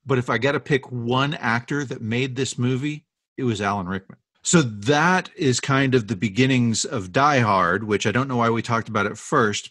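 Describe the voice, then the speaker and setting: A man's voice: mid-range voice, a bit bright, breathy edge, no echo, studio quality. A man co-hosting a casual talk show, telling movie history stories in a chatty, rambling way. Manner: chatty storyteller with restarts and asides. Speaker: podcast co-host.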